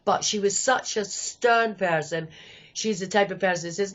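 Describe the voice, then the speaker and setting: Husky Scottish woman in her fifties. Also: mid-range voice, moderate pace, lo-fi sound. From Scotland. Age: 50s. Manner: candid, rambling, quotes people. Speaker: guest. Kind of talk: personal storytelling.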